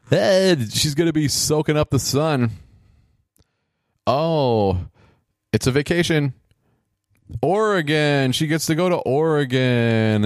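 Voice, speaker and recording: A man's voice: medium pitch, no room sound, clean studio sound. A man giving casual, joking play-by-play commentary while watching a game show, with sarcastic asides.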